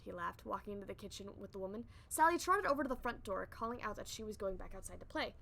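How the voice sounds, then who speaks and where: A young adult woman streamer reading a story aloud on a live stream, chatting with viewers between passages in a playful, animated way. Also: medium pitch, fast talker, creaky, hardly any pauses.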